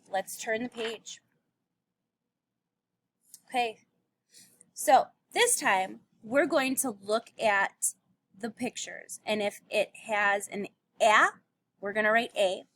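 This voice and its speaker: A woman's voice: mid-range voice, a bit bright. A woman teacher giving a recorded phonics lesson to young children, patiently sounding out letters and words.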